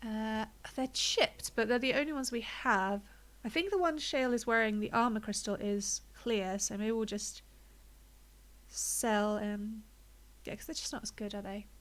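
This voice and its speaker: This woman's voice sits a little high and moves at an unhurried pace. She's streaming a game, talking through her choices and thinking aloud in easy conversation, slightly winded and nasal from a blocked nose.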